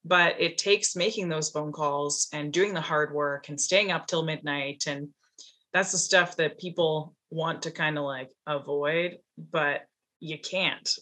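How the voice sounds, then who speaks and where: A woman's voice: low-pitched, steady tone, unhurried, bright, forceful tone. A woman from Canada hosting an interview, talking with enthusiasm and reflection and laughing often. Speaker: podcast host. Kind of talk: casual interview chat.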